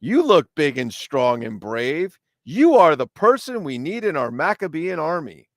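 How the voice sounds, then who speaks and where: Proud army commander for a kids' card, read aloud by a man in a higher put-on voice, slow and declaiming. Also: big pitch swings, gravelly, no echo, studio quality, heavily acted. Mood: rallying. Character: proud male army commander recruiting children. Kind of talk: reading a children's card aloud in character.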